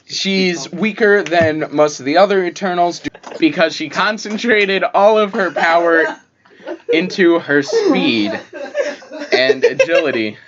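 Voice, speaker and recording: A man co-hosting a casual podcast, reading notes with many pauses and ums. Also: fairly high pitch, big pitch swings. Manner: reads from a list with many ums, keeps the talk on track. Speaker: podcast co-host. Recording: dull lo-fi audio with faint noise.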